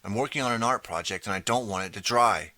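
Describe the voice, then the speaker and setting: A man's voice: lowish voice, fast talker, bright, forceful tone, no echo. Man doing a snappy, scornful schoolgirl. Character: mocking, suspicious schoolgirl.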